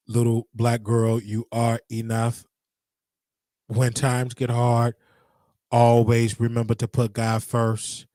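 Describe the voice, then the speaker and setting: A man's voice: mid-range voice, warm tone, dry recording, clean studio sound. A man hosting a casual livestream, talking to his chat in a rambling, repetitive way with preacher-like call-outs. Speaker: livestream host.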